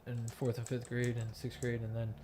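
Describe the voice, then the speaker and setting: A man's voice: mid-range voice, completely flat delivery, normal speed, background noise. A young man from the Miami area telling a long personal story in game voice chat, rambling and emotional, swearing often with many fillers and restarts. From Miami area, United States. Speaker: gamer in voice chat, active soldier. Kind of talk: casual storytelling during gameplay.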